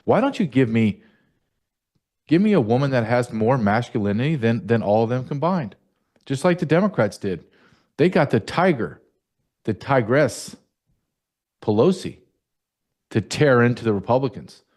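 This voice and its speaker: A man's voice: mid-range voice, big pitch swings, normal speed, long pauses, darkish tone. A man hosting a political commentary show, combative and mocking, firing off rhetorical questions. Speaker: show host.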